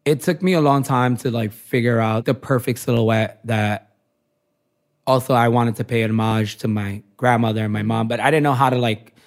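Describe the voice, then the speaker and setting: A man's voice: medium pitch, steady tone, moderate pace. Chatty man telling personal stories. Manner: chatty storytelling, many filler likes. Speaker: fashion designer guest. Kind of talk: casual interview chat.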